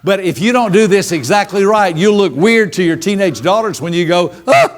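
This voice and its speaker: A middle-aged man leading a business seminar, speaking in a voice that sits a bit higher than most men's. He tells stories in an animated way and acts out the scenes as he goes. His delivery keeps things moving with humor. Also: a little fast, slight background noise.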